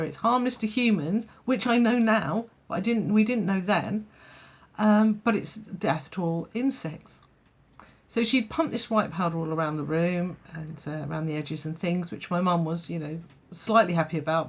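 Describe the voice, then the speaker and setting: A woman telling a childhood story in a vlog, chatty, full of fillers and laughing often. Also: lowish voice. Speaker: vlogger.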